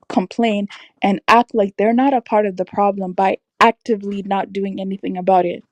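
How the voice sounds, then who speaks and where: A woman's voice: mid-range voice, warm tone, no echo. A young woman hosting a livestream, ranting in a casual, emphatic, exasperated way with lots of "like" fillers. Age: young adult. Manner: exasperated, emphatic, frequent "like" and laughs. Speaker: livestream host. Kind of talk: casual opinion rant on a stream.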